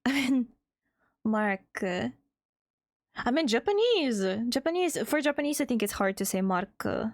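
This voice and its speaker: A woman's voice: on the high side, expressive, normal speed, no echo. A young woman, rambling casually on a live stream, laughing often, swearing and greeting chat by name. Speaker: VTuber streamer and artist.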